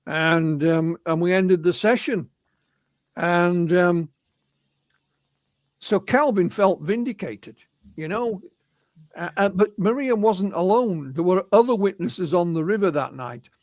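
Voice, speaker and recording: This is an Englishman, high in pitch, talking as an interview guest. He retells witness accounts, sprinkling his speech with "you know". The sound is dry and close. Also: slow pace, pauses often, no room sound. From England. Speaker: guest, UFO researcher and author. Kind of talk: anecdotal storytelling in an interview.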